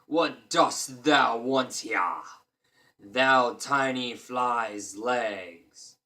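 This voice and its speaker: Man playing a storybook giant, huge, boastful, dim-witted, loud and booming, bright forceful tone. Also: slow pace.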